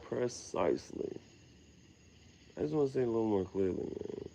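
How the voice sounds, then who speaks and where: A young man talks to himself outdoors on a quiet night, drifting from thought to thought in loose slang. His voice sits low with a gravelly rasp, and now and then he chuckles at his own phrasing. Crickets chirp softly behind him. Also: expressive, moderate pace, a little hiss or hum. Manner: meandering, slangy, laughs at himself. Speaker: vlogger. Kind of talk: rambling late-night monologue.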